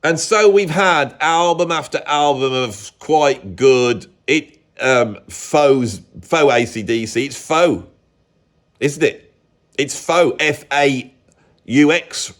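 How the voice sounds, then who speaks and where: A man's voice: a little high, expressive, slow pace. An English man, a music commentator, talking in a casual rambling monologue, opinionated and often cutting himself off mid-thought. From England. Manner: rambling, self-interrupting, opinionated.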